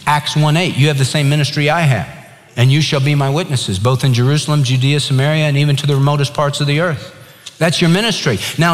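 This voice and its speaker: A pastor preaching a sermon, reading scripture emphatically and telling stories. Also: male voice, fairly high pitch, fairly bright tone, big-room sound.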